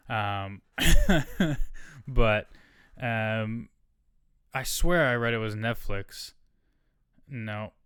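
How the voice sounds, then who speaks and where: A man talks casually on his own podcast in a smooth, clear voice, reading an article aloud and wandering into asides. He often stops to second-guess and correct himself. The recording is close and dry. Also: fairly low pitch, a bit bright, no echo. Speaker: solo podcast host. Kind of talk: casual solo podcast talk.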